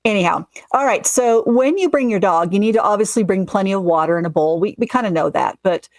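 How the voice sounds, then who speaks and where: A woman co-hosts a casual podcast, upbeat and chatty and quick to agree. Her voice sits at a middling pitch. The recording is dry and close, with no room echo. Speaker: podcast co-host. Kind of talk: casual chat.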